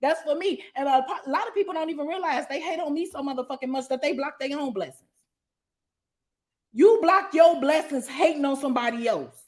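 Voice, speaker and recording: Blunt, high-voiced woman swearing emphatically. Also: a little fast, a little mellow. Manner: blunt, profane, emphatic, laughs often. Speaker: guest, author. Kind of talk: candid interview storytelling.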